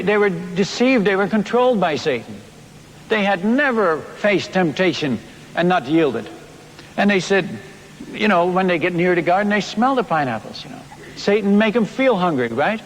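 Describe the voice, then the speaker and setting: A high-voiced missionary preaches through a story, animated and acting out little sounds as he goes. His words trail off into a long hall reverb. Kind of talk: storytelling sermon.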